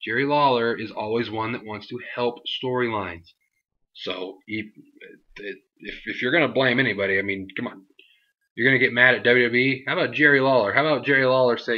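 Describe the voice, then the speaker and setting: A man's voice: medium pitch, steady tone, brisk, lo-fi sound. A young man reviewing a wrestling show in a casual vlog, rambling with many fillers and mocking put-on voices for the people he quotes.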